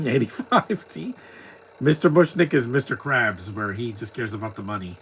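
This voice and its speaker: A man's voice: lowish voice, expressive, fairly quick, fairly bright tone, slight background noise. Offhand man giving blunt movie commentary. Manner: blunt, opinionated, offhand asides. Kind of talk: casual live movie commentary.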